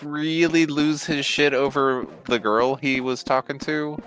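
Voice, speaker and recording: A man's voice: medium pitch, fairly even intonation, unhurried, fairly bright tone. A laid-back man chatting and describing his moves while playing a game on stream. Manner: laid-back, brief reactions, game commentary. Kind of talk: casual gaming stream chat. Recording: faint music in background.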